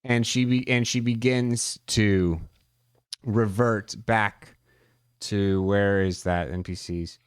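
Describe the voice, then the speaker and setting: Game master, slow-paced, smooth clear voice, dry close sound, halting narration. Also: deep voice, fairly even intonation, no echo. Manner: halting, with many restarts and laughs.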